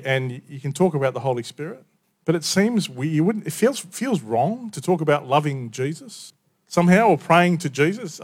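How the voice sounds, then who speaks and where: A man preaching a sermon in a conversational storytelling way, often dropping quiet for emphasis. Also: mid-range voice.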